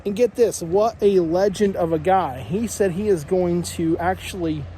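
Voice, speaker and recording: A man vlogging outdoors by flood water, talking excitedly to his viewers through a handheld camera mic, often exclaiming. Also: high voice, moderate pace. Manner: excitable, exclaims and talks to viewers as "you guys". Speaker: magnet fishing vlogger. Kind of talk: casual vlog talk to camera. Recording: outdoor noise with passing cars.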